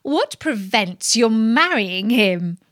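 A woman's voice: fairly high pitch, very animated, slow pace, breathy edge, no room sound, studio quality, heavily acted. A woman voicing a scornful eldest princess who jeers and scolds in a storybook reading. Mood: mocking. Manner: jeering, indignant.

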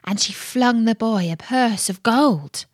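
Woman narrator, fairy tale, slow pace, expressive, dry close sound. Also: a little high, dry recording. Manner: expressive storytelling.

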